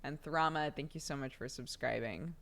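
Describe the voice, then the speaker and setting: A woman's voice: very deep voice, moderate pace, fairly bright tone. A woman streamer, sick, chatting casually and giggling often as she reads out names. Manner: giggly, laughs often while reading out names. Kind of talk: casual live-stream chat.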